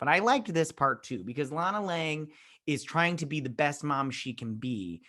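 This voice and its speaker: A man hosting a casual review show, recapping an episode in a rambling, slangy way and slipping into quick acted quotes. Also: fairly high pitch, lively intonation, bright, forceful tone.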